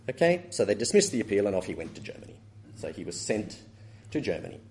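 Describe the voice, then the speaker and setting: Lively low-voiced man lecturing. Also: fast. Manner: dry wit, self-correcting, chuckles at his own stories. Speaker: law lecturer. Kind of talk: academic lecture with anecdotes.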